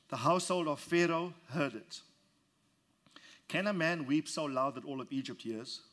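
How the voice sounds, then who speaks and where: Higher-voiced man preaching a sermon. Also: measured pace, long pauses, a bit bright. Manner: leads congregation in call-and-response repetition; reads scripture aloud and expounds it verse by verse. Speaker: pastor.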